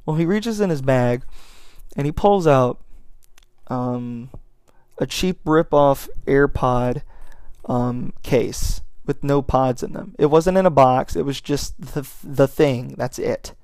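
A man's voice: mid-range voice, takes it slowly, a little mellow, smooth, no echo, studio quality. A young man hosting a podcast, telling a casual, rambling story and swearing freely. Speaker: podcast host.

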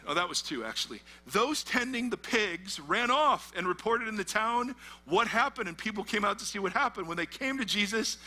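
A man's voice: high voice, sharp tone. A middle-aged man, a pastor, preaching a conversational sermon and quizzing his listeners with fill-in questions. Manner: asks the audience fill-in questions, conversational and emphatic. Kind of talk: sermon, teaching through a Bible passage.

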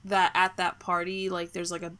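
A woman in a casual chat, relaxed and agreeable, giving short reactions and opinions. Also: on the low side, moderate pace.

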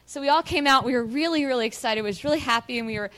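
A woman with a fairly high voice tells her church about a mission trip. She talks in an earnest, chatty way with plenty of fillers and acts out the dialogue of her story with animation. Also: rapid-fire, fairly bright tone. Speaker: mission team member sharing a testimony. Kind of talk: personal testimony to a church audience.

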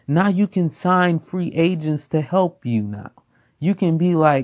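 A man's voice: fairly high pitch, animated, measured pace, darkish tone. A man giving a casual football opinion rant, blunt and profane, repeating himself for emphasis. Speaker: sports commentator.

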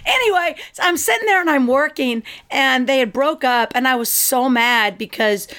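A middle-aged woman chatting casually as a podcast co-host, telling stories in an animated way and acting out scenes. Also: high voice, moderate pace. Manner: animated storyteller, acts out scenes with exclamations. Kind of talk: casual chat.

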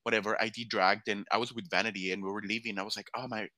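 A man who performs in drag, telling a long story in casual chat, lively, swearing freely and acting out what others said. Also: on the low side, fast talker, dry recording. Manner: animated, swears freely, acts out quoted voices. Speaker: drag performer, podcast guest.

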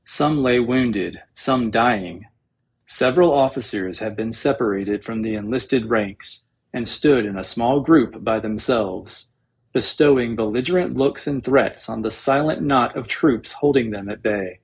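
A man reading a novel aloud as an audiobook narrator, in a measured, dramatic storytelling manner with a husky voice. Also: mid-range voice.

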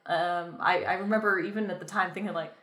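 A woman with a lowish voice chats casually about films, rambling and breaking into laughs. The room around her sounds echoey. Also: fairly even intonation, a little fast, a bit bright. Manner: rambling, frequent laughs and filler words. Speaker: podcast co-host. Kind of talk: casual film review chat.

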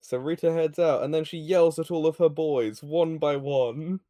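A man co-hosting a casual podcast, recapping an episode with easy profanity and frequent giggles. His voice sits a little high for a man. He sounds relaxed and unhurried. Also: no room sound, clean studio sound. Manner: laid-back, profane, giggly. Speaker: podcast co-host.

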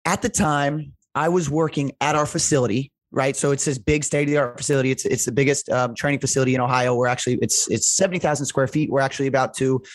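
A man's voice: medium pitch, fairly even intonation, fast, hardly any pauses, dry recording. A man, a strength coach, telling stories in casual conversation, rambling with lots of "like" and "right?", earnest and emotional. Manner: rambling, heavy use of "like" and "right?".

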